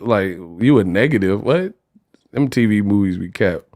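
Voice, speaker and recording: A man from California hosting a livestream, ranting casually in an animated, slangy, joking way. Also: medium pitch, measured pace. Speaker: host.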